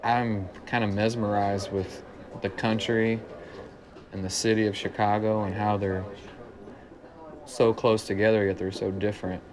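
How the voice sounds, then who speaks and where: A man's voice: lowish voice, level tone, unhurried, long pauses. A man from Central Illinois with a slight small-town country twang, telling stories in an easygoing interview, with plenty of "kinda" and "uh". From Central Illinois, United States. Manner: easygoing storyteller, many "kinda" and "uh". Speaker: musician interviewee. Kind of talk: relaxed interview talk. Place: working man's bar. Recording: noisy bar with crowd chatter. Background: bar crowd chatter.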